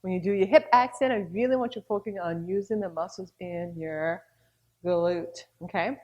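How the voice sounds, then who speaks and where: A woman's voice: fairly low pitch, normal speed, darkish tone, lo-fi sound. A woman instructor talking students through a beginner dance class, cueing moves and counting beats aloud.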